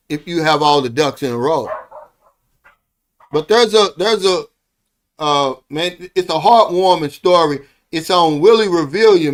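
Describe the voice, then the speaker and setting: A middle-aged man with a notably high voice talks straight to his viewers in a loose, wandering vlog monologue. He sounds earnest and heartfelt and tags "man" onto the ends of many phrases. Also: a bit bright. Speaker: vlogger living abroad. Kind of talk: casual monologue.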